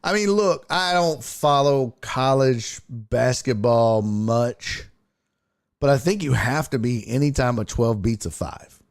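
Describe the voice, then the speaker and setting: A man's voice: mid-range voice, slow. A man hosting a live-streamed sports talk show, chatting loosely with viewers, joking and swearing. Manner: loose, profane, joking banter with chat.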